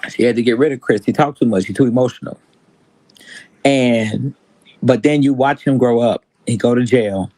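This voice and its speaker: A man hosts a casual livestream chat. He tells the story with animated energy and keeps slipping into other people's words. His voice is mid-pitched, close and dry, with no room sound. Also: normal speed, dry recording, poor audio. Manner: animated storytelling, acts out quotes. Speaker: stream host.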